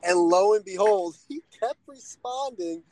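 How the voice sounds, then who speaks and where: A man's voice: high voice, animated, measured pace, warm tone, slight background noise. A man co-hosting a podcast in casual chat, rambling with lots of fillers. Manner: rambling, many "like" fillers, mocking quotes. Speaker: podcast co-host.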